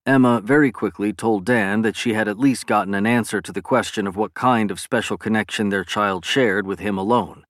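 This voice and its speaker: A man narrating a science fiction novel in a steady, measured reading. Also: on the low side, no room sound, studio quality. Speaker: audiobook narrator. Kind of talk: scripted narration.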